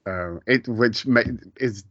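A man's voice: on the low side, slow, fairly bright tone, no echo, highs cut off. A man in his forties co-hosting a podcast, talking casually and rambling, often breaking off mid-sentence and laughing at his own retellings. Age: 40s. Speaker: podcast co-host. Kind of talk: casual chat.

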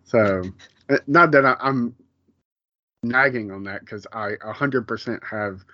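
A man's voice: mid-range voice, a little slow, pushed and bright, dry recording. Man, podcast co-host, casual rambling chat, muffled dry recording. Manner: rambling, many fillers and restarts.

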